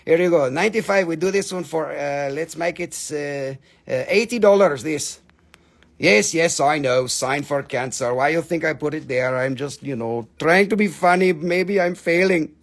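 A man's voice: on the high side, expressive, normal speed. A man selling rocks and amber on a live stream, teasing viewers, swearing freely and rattling off bargain prices in non-native English phrasing. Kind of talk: joking live sales pitch.

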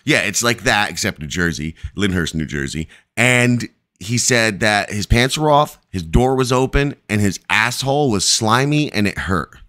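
A man's voice: fairly low pitch, animated, moderate pace, few pauses, pushed and bright. A man hosting a live stream, telling a long, rambling story full of profanity.

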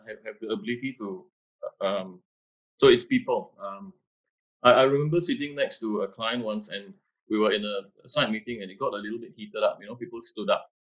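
A man's voice: fairly low pitch, fairly bright tone. Hesitant man on a muffled call. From Malaysia. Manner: hesitant, many restarts and fillers. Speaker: architect, panel guest. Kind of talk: casual video-call interview answers. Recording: muffled video-call audio.

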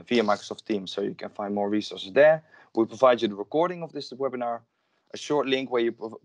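A man's voice: mid-range voice, no echo. A man hosting and introducing a webinar, speaking hesitantly with frequent fillers. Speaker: webinar host.

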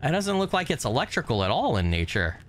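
A man casually commentating his game on a live stream, greeting viewers by name and swearing offhandedly, his voice a little hoarse from recovering. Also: medium pitch, big pitch swings, fast talker, slight background noise. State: voice still recovering, slightly hoarse. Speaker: gaming streamer.

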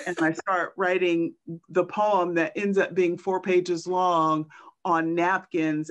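A woman poet and teacher tells stories on a video call, slow and halting with many pauses and fillers. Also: lowish voice, dull audio. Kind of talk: reflective storytelling in a virtual book talk.

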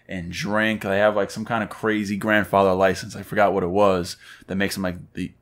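Low-voiced guy chatting loose on a cigar podcast, swears a bit, acts out stories. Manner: laid-back, swears casually, acts out funny stories. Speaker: podcast co-host. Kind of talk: casual chat. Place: cigar lounge podcast set.

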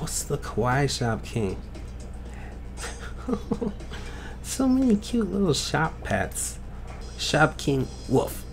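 A playful male gaming host reviewing fan art in an unhurried, drawn-out way, goofy and full of gushing praise. Soft music plays faintly behind him. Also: mid-range voice. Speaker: YouTube game channel host.

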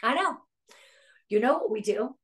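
A woman's voice: a little high, lively intonation, moderate pace, fairly bright tone. A middle-aged woman giving an upbeat, earnest talk to a sales team, answering a live chat and turning emotional at times. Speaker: guest speaker at a sales team meeting.

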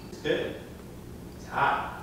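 A man's voice: slow pace, bright, forceful tone, slight background noise. A man acting as taste tester, bantering with dry, teasing, mumbled asides. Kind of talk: casual banter. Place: home kitchen. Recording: echoey kitchen with clattering dishes.

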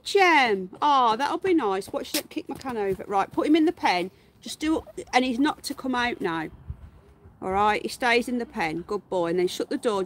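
A woman's voice: on the high side, animated, normal speed, a little hiss or hum. A woman hosting a live stream from her garden, chatting casually, greeting viewers by name and calling out to her pets. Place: garden outdoors.

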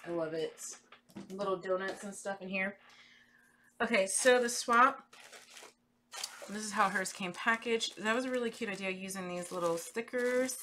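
A woman hosting a crafting channel, chatting casually and gushing excitedly as she unboxes gifts at her desk. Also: medium pitch, moderate pace, pauses often. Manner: gushing, excitable, squeals over cute items. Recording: clear background noise, paper crinkling.

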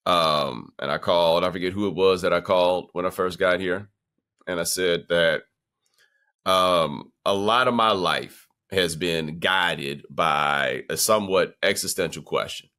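A man's voice: deep voice, pushed and bright. A man co-hosting a sports talk podcast, telling stories in loose, rambling casual chat full of restarts and repeats. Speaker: podcast co-host.

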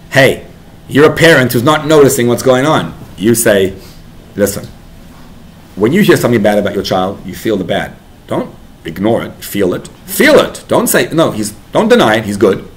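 A man giving a Torah class to parents as a rabbi, talking animatedly and building to emphatic bursts. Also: lowish voice.

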